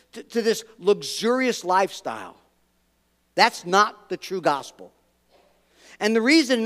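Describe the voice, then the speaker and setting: Pastor guy preaching, kinda high voice, punchy, lots of questions, big echoey hall. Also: fairly bright tone. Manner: emphatic, repeats words, asks the congregation questions. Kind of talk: sermon.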